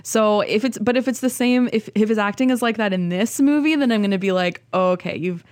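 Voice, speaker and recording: A woman's voice: fairly high pitch, a little fast, darkish tone, dry recording, clean studio sound. A woman co-hosting a casual film podcast, talking in rambling, restarting sentences. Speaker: podcast co-host. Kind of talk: casual chat.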